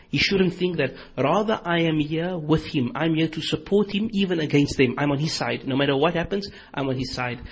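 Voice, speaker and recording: A male lecturer voicing a bold, loyal man who calls out emphatically in a raised, husky voice. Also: mid-range voice, poor audio.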